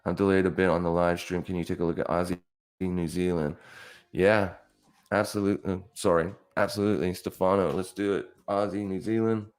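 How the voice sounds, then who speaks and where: Male host, deep voice, casual live-stream trading talk, blunt coaching manner. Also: level tone, fairly quick, clean tone.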